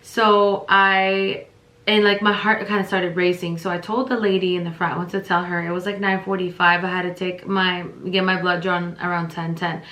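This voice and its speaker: A woman chats through a casual storytime vlog. Her voice is bright and forward, and she rambles with plenty of fillers and restarts. The room around her adds a noticeable echo. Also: on the low side, level tone, normal speed. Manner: rambling, filler-heavy retelling. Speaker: vlogger. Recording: roomy echo.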